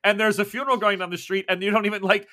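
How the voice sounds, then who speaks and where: A man's voice: high voice, fairly even intonation, pushed and bright, soft background music. A man narrating a tabletop role-playing game as game master, playful and often laughing. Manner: playful, laughing, quick voices for townsfolk.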